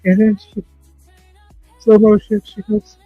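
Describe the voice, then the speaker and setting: A man hosting a livestream in casual chat, talking in an emotional, halting, heartfelt way. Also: sits high, completely flat delivery, husky, no room sound, narrow, tinny audio, soft background music. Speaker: livestream host.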